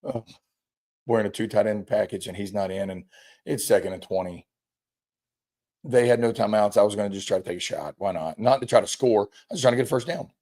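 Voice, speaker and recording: A man, a high school football coach, chatting casually and telling rambling stories with acted-out quotes. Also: a little fast, dark tone. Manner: rambling storyteller, acts out quotes. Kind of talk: casual chat.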